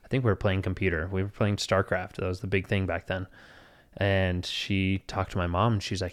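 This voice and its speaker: A man's voice: deep voice, fairly quick. A man in his thirties co-hosting a podcast, telling rambling stories in casual chat and laughing often. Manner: rambling, laughs often, animated when quoting others. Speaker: podcast co-host.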